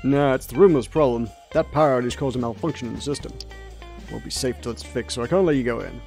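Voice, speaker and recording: A man voicing a grumpy, blunt young male mechanic with a curt, low put-on voice and a shaky Australian accent. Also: fast talker, gravelly, a little mellow, soft background music, natural voice. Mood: gruff. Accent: attempted Australian. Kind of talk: voicing game dialogue in a let's play.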